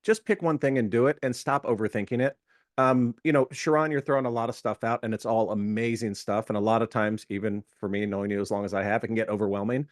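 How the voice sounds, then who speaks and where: A man's voice: lowish voice, fairly even intonation, fast talker, dry recording, clean studio sound. A man giving casual feedback as a workshop panelist, emphatic and insistent, often restarting words, over a video call.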